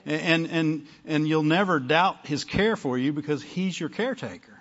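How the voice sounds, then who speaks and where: A male pastor with a fairly high voice delivers a chatty sermon. He checks in with his listeners again and again. The recording sounds dull and lo-fi. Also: moderate pace, fairly bright tone. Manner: conversational preaching, frequent "amen?" and "right?" to the congregation.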